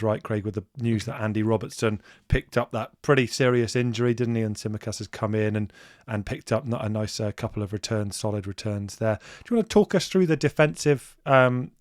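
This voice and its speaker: A man's voice: lowish voice, dry recording. A man hosting a casual chat interview, leading his guest with friendly questions and frequent tag questions like "right?". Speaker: podcast host.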